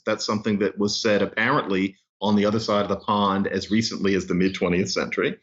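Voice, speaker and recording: A man who is an author and linguist, explaining things in an animated, storytelling way as a podcast guest. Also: fairly low pitch, brisk, hardly any pauses, dull audio. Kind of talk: explanatory interview talk.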